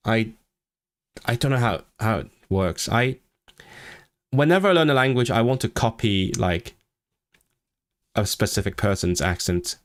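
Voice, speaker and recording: A man's voice: on the low side, lively intonation, measured pace, long pauses, dry recording, studio quality. A man chatting casually on a livestream, rambling and restarting his sentences with repeated words. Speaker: language-learning streamer.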